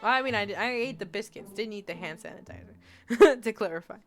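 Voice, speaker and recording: Speaking a little fast at medium pitch, a twenty-something woman chats casually while streaming a game and reading chat. Giggly, rambling, and heavy on fillers, she's backed by faint game music in this let's-play.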